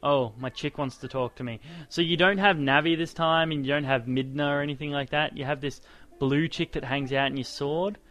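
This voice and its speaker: A man's voice: fairly high pitch, fairly even intonation, a little fast, hardly any pauses, a bit bright. A man giving casual, sarcastic let's-play commentary as he plays, ranting and exclaiming at the game. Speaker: gaming commentator and podcaster.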